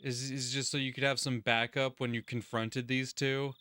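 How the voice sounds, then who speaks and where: A man's voice: mid-range voice, level tone, normal speed, sharp tone, clear, resonant tone, no room sound. A man hosting a let's-play, reading game narration aloud and adding crude, sarcastic commentary.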